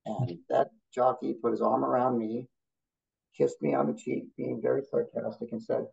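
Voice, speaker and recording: A man's voice: medium pitch, normal speed, gravelly, a little mellow, breathy edge, dull audio. A man, a therapist guest, talking bluntly and telling stories in a casual interview. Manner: blunt, storytelling, competitive.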